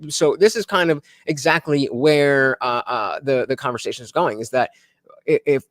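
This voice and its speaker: A man hosting a live stream, talking through a debate recording in a casual, halting way with lots of fillers and restarts. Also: medium pitch, a bit bright, no echo, clean studio sound. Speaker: streamer reviewing his own debate.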